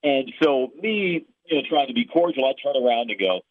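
A man's voice: mid-range voice, lively intonation, brisk, dry recording. A man from the Chicago area with a Chicago accent, a play-by-play broadcaster telling stories and answering questions in an interview. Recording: tinny phone line.

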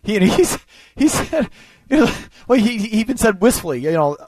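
Male sports radio host, quick and teasing, animated delivery, dry studio mic. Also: high voice, slightly rough, no echo. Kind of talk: sports talk radio banter. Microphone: studio microphone.

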